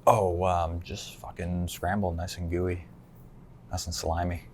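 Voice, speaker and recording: A man's voice: deep voice, flat delivery, measured pace, slight background noise. A man chatting casually as a guest, laid-back, laughing often and swearing offhandedly. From United States. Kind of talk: casual chat.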